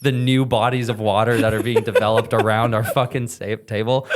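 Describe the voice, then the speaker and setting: A man co-hosting a podcast, telling a story in casual chat and acting out quotes in an animated way. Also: lowish voice, a little fast. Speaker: podcast co-host.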